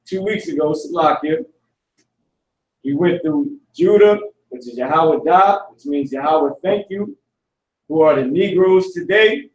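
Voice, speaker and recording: A man with a slightly high voice teaches a class in a loose, slangy way, sounding words out slowly and saying them again and again. He is picked up from a distance in a room with a lot of echo. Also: expressive. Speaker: language teacher. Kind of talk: live online class. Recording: echoey room, far from the mic.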